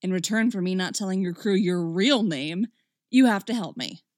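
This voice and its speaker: A woman voicing a grumpy, brooding male puppet who speaks in a low, growling tone in a read-aloud story. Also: lively intonation, moderate pace, a little mellow, no room sound, studio quality, close to an everyday voice.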